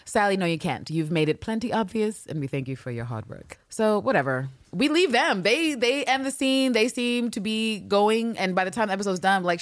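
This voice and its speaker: A woman co-hosting a casual recap podcast, talking in an animated, sarcastic, profane way into a studio mic. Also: mid-range voice, fairly quick, few pauses, dry recording. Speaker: podcast co-host.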